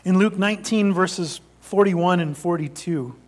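A male pastor preaching a sermon, shifting between animated emphasis and quiet, almost whispered passages. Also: high-pitched, unhurried. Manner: dynamic preaching, drops to near-whisper for emphasis.

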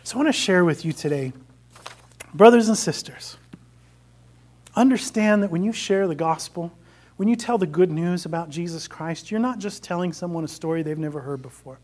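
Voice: medium pitch, expressive, normal speed, darkish tone. A preacher giving a sermon, retelling a story and exhorting the congregation. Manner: earnest, exhorting.

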